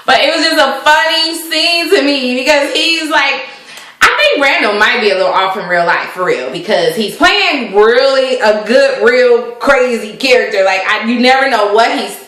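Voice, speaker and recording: Woman rambling about a tv episode, lots of um and laughs, bright voice, echoey room. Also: high voice. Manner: chatty, laughs often, uses many fillers. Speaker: vlog host reviewing a TV episode. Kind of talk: casual recap chat.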